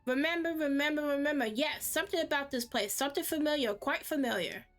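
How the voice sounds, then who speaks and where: A woman's voice: sits high, fast talker, faint music behind, lightly acted. A woman voicing a dazed amnesiac man who repeats his words in a drifting singsong. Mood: dreamy.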